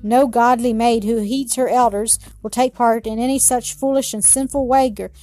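A woman's voice: fairly high pitch, steady tone, moderate pace, mellow, faint music behind, close to an everyday voice. A woman voicing a grave, dignified eighty-year-old grandfather in a storybook, formal and reproving.

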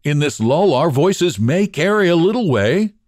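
A man voicing a trapped nobleman who calls out in a strained, excited voice. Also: on the high side, normal speed, no room sound, clean studio sound, voice pushed up. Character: high-strung male nobleman trapped in a forest.

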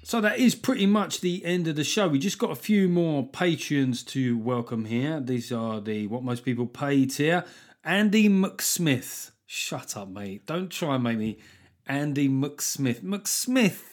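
Man, comedian, podcast host, casual chat, sweary and mocking, somewhat high voice. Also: lively intonation, a little slow. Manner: sweary, mocking, riffs between readouts.

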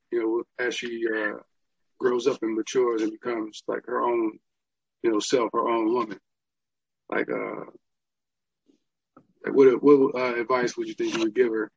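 Husky-voiced man asking casual questions. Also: mid-range voice, no room sound, highs cut off. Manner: relaxed, informal questioning. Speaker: podcast host. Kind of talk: casual conversation.

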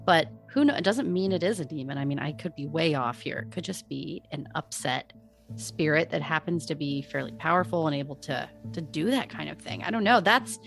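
Female podcast co-host, deep voice, casual skeptic, quiet music bed. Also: animated, fairly quick, vocal fry. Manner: skeptical, hedging with "who knows" and "you know". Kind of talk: casual chat about hauntings.

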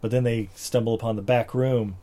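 A man casually recapping a movie plot in a chat, rambling with lots of fillers and jumping into high-pitched voices for characters. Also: steady tone, brisk, mellow.

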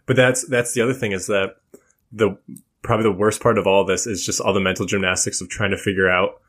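A man with a low voice rambles and jokes on a podcast. He sounds a little stuffy from a recent cold, and his talk is loose and unscripted. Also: level tone, fairly quick, a bit bright. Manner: chatty, joking, rambling. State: a bit stuffy. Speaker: podcast co-host. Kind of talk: casual chat.

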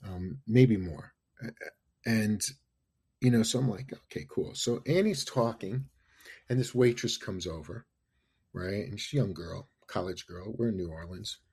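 A middle-aged man from New York telling excitable, animated stories in a casual chat, full of fillers and asides. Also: on the low side, breathy edge. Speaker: podcast guest. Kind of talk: casual storytelling.

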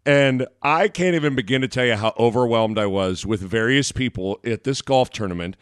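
A man co-hosting a sports radio show, chatting casually and rambling, sometimes breaking into loud shouted bits. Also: medium pitch, moderate pace, smooth, no room sound, clean studio sound.

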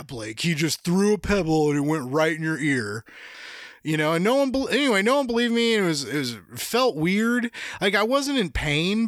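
A man's voice: sits high, sharp tone, dry recording, clean studio sound. A young man hosting his own podcast, telling rambling, profane, jokey stories in casual chat. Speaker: podcast host.

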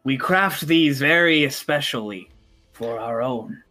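A man's voice: medium pitch, measured pace, pushed and bright, soft background music. A man voicing a solemn fish-folk leader who speaks in a stiff, ceremonial way during a tabletop game. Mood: formal.

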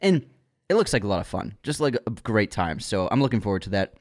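A man's voice: lowish voice, sing-song, quick pace. A man co-hosting a movie news podcast, reading out news items and bantering playfully when teased. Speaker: podcast co-host. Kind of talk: casual movie news chat.

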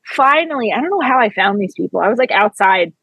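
A woman in her thirties, a podcast guest, tells a story in casual chat. She is animated, swears freely and laughs often. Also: medium pitch, fast, husky, dry recording, poor audio.

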